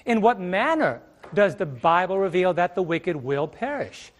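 Unhurried yet very animated, a middle-aged man with a high-sitting voice gives a sermon from a church stage, heard through a stage microphone. He emphasizes key words by drawing them out and challenges the congregation with rhetorical questions.

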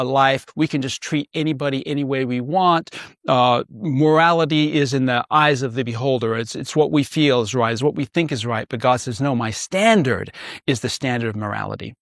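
Man, pastor, emphatic Bible teaching, rhetorical questions, fairly high voice. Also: no echo, studio quality.

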